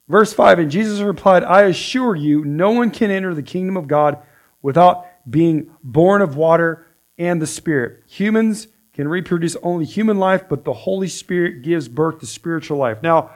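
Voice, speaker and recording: A man teaching a casual sermon, conversational, reading scripture aloud and then explaining it in his own words. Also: fairly high pitch. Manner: conversational, with frequent "right?" and restarts. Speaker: pastor.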